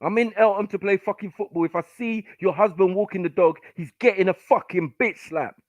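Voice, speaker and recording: A furious, high-pitched podcast host talks briskly during a heated live panel argument, aggressively swearing and shouting down callers. The stream audio is dull and lo-fi, with no echo.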